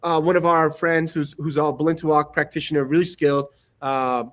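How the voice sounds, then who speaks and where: High-voiced man telling a lively story. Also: fairly quick. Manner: animated anecdotes, acting out other people's lines and laughing often. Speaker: martial arts instructor, podcast guest. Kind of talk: casual storytelling.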